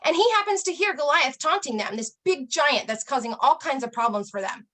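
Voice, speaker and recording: A woman's voice: high-pitched, animated, brisk, fairly bright tone. A middle-aged woman, a health coach, giving a motivational talk and telling a story earnestly, with emphatic repetition.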